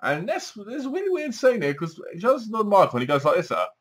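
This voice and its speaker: A man's voice: high voice, wildly swooping pitch, rapid-fire. Chatty man reviewing a show. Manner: chatty, acts out scenes with sighs and gasps. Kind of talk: casual spoken review.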